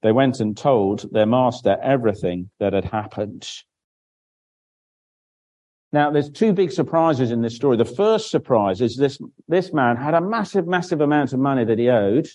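A man with a mellow, dark-toned voice gives a children's Bible talk in church. He keeps the explanation simple, asks the children questions and answers them himself, and often restarts his sentences while he draws. His pitch sits in an ordinary middle range for a man. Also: animated, moderate pace, poor audio. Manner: draws on a board while speaking, with frequent restarts.

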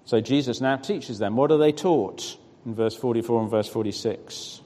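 A man's voice: mid-range voice, moderate pace, warm tone. Man reading scripture in an echoing hall. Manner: questioning the audience, encouraging. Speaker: preacher. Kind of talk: scripture reading and interactive teaching. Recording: long reverb of a large hall.

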